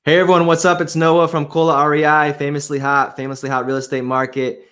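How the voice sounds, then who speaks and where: A man hosting an interview show, talking in an excited, enthusiastic way. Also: on the high side, quick pace. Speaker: podcast host.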